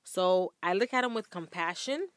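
A woman's voice: lowish voice, lively intonation, normal speed, clear, resonant tone, no room sound, studio quality. A woman vlogger speaking earnestly and emphatically to her viewers from a room at home. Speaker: vlogger sharing workplace faith tips. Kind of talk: candid talk to camera.

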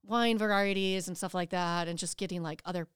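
Chatty woman with a very clear voice. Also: on the low side, steady tone, fairly quick, no echo, clean studio sound. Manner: rambling, many fillers and restarts. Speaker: podcast guest, travel planner. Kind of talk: casual podcast chat.

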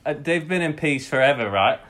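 A man playing a deadpan guest in a comedy sketch who talks a little high. He offers ridiculous invented sayings in a matter-of-fact, confident way. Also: brisk. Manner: deadpan, offers absurd fake British sayings. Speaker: guest playing a British business contact.

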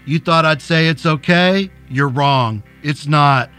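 Narrator doing an unstable, abusive middle-aged man; bitter and accusing, slow. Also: fairly high pitch, a bit bright, clear, resonant tone, soft background music. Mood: raging. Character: volatile, abusive middle-aged man, raging then sobbing.

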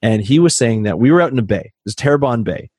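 A man from Canada tells his stories in a relaxed, conversational way and voices the people he quotes with plenty of life. His voice sits at an ordinary middle pitch. The recording is close and dry, with almost no room sound. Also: fast talker, slightly rough, dry recording. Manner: animated storyteller who acts out quoted dialogue. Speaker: podcast guest. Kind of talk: casual storytelling chat.

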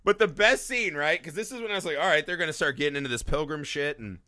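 Animated, bright-voiced man reviewing movies. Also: fairly high pitch, fast, no room sound, studio quality. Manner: animated, swearing, mocking impressions. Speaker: podcast co-host. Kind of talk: casual movie-review chat.

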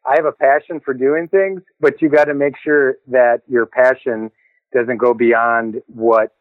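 A man's voice: medium pitch, steady tone, a little slow, dry recording. A man, a car builder, answering interview questions casually, with many "you know"s and restarts. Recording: tinny phone-like line.

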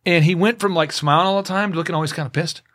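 A man's voice: fairly high pitch, rapid-fire. A man talking as a guest in a studio, acting out both sides of the conversations in his stories. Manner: animated storyteller acting out both sides of dialogues.

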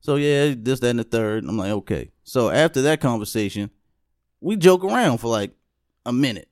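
A man's voice: medium pitch, lively intonation, moderate pace, a little mellow, dry recording, studio quality. A young adult man hosting a casual podcast, telling a story in a laid-back way and often asking "you know what I'm saying". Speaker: podcast host.

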